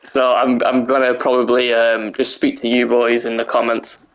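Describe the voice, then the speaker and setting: Here a young man commentates a wrestling game on a live stream at a normal speed, his medium-pitched voice hoarse. He's tired and excitable, laughing and cursing a lot, and the audio carries a faint hiss or hum.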